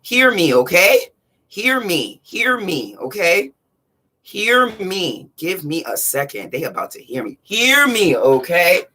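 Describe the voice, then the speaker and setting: Woman streaming live, theatrical and repetitive, bright tone, husky edge, shouting then hushed. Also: lowish voice, sing-song, slow. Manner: dramatic, chanting, repetitive, swings between shouting and hushed. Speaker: livestream host. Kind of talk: live-streamed spiritual monologue.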